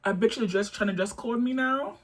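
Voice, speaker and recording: A woman's voice: fairly high pitch, a little fast, faint music behind. A young woman telling a storytime vlog in a blunt, profane, indignant way. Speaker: storytime vlogger.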